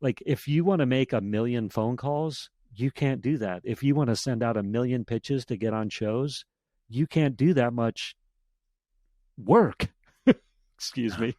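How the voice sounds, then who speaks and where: A man talking casually as a podcast guest, animated and acting out sample emails as he tells stories. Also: medium pitch, measured pace, no echo. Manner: animated storytelling, acts out emails in quotes. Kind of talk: casual interview chat.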